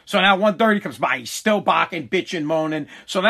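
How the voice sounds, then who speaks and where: A man's voice: sits high, lively intonation, a little fast, gravelly. A man ranting in a casual, comic way, exasperated and griping, often stammering and repeating his words. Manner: shouts when quoting himself.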